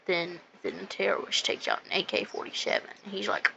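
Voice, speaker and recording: A woman narrating a video game as she plays, excitable and rambling, stringing her thoughts together with repeated "and then". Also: lowish voice, a little fast, gravelly, lo-fi sound. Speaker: gamer reviewing a video game. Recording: loud background noise.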